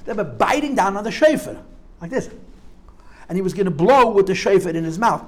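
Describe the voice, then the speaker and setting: An older man recounts his memories to a live audience in a vivid, demonstrative storytelling talk, sprinkling in Yiddish and Hebrew terms. His voice is high and brisk, with lively intonation.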